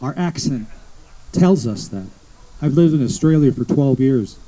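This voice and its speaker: Dark-voiced man lecturing a crowd. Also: mid-range voice, expressive, poor audio. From United States. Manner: storytelling, lists names slowly, with asides. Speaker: guest speaker at a history event. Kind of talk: public lecture to an audience. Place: outdoor living history event.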